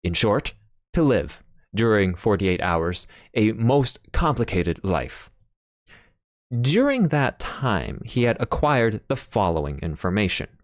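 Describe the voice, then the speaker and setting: A man's voice: lowish voice, very animated, slow, no room sound, clean studio sound. A man narrating an audiobook in a plain reading manner. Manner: plain reading with occasional fillers and restarts.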